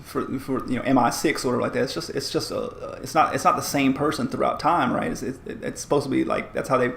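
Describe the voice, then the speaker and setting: A man's voice: medium pitch, fairly even intonation, quick pace, creaky, a bit bright, echoey room, a little hiss or hum. A man co-hosting a podcast in casual chat, rambling with many restarts and fillers. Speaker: podcast co-host.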